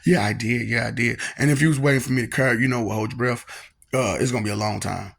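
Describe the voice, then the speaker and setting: A man's voice: medium pitch, fast talker, vocal fry, a bit bright. A man talking in a freewheeling, taunting monologue, repeating lines and laughing often.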